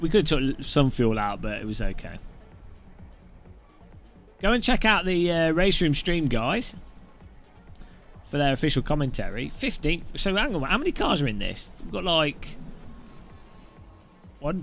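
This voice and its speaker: A man's voice: mid-range voice, fairly bright tone. A British man giving casual, joking commentary while sim racing, rambling into funny anecdotes.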